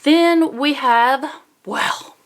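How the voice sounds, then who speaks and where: A woman's voice: sits high, very slow, background noise. A woman with a Southern US accent in a casual unboxing vlog, chatting and reading product labels aloud. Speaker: unboxing vlogger.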